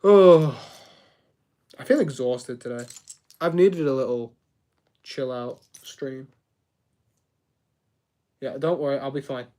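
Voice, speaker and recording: A man's voice: medium pitch, measured pace, long pauses, dark tone. A young man chatting casually on a live stream while he builds, rambling, reacting to chat and tripping over his words.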